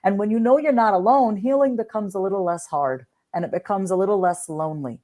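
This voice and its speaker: Her voice sits mid-range and moves briskly. An author from Long Island, New York, she chats as a guest in a casual interview, expressively acting out example voices in various tones to illustrate her points.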